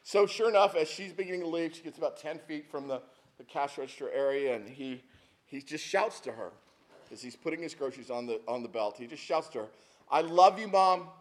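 A man's voice: medium pitch, fairly quick. A man in his fifties, a pastor telling stories in a sermon, talking in a conversational, folksy way with asides to the congregation. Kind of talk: sermon with storytelling.

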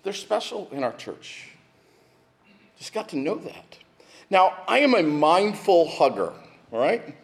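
A middle-aged man preaching to his congregation, his voice sitting a little higher than most men's. He talks in a loose, conversational way, tossing in asides and restarting his sentences as he goes. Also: sing-song, measured pace, creaky, long pauses. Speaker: pastor. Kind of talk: sermon. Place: church sanctuary.

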